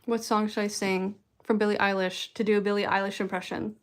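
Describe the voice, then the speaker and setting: A woman's voice: mid-range voice, level tone, brisk. A woman streaming live, chatting casually and rambling in a self-deprecating way to her viewers. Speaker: streamer answering chat.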